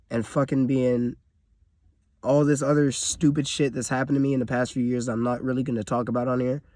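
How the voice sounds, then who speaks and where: A man's voice: mid-range voice, no echo, clean studio sound. A man in his twenties giving a blunt, profane, emotional vlog rant from inside his car. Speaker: vlogger.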